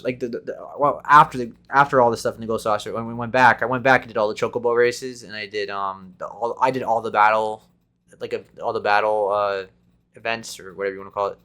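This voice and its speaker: A man hosts a casual gaming podcast in an ordinary mid-range voice. He rambles excitedly, tripping over and restarting his sentences as he goes. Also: medium pitch, fast, smooth. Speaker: podcast host.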